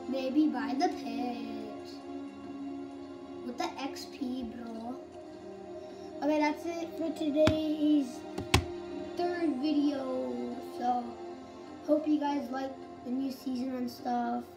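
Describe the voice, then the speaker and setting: A playful woman with a high, bright-pitched voice, chatting through a video game in an unhurried drawl. She reacts excitably and calls everyone bro. Game music plays steadily behind her. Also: rough recording. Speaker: gaming YouTuber. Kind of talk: casual gameplay commentary.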